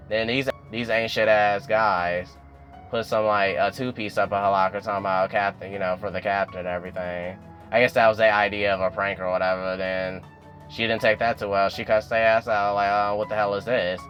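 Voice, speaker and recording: A young man talking casually as he recaps a TV episode, acting out characters' lines in a higher voice. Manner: chatty, animated, acts out characters' lines with raised pitch. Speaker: YouTube recap host.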